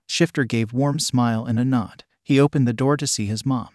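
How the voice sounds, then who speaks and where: Man, story narration, even flat reading, mid pitch, dry close mic. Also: a little fast, no room sound.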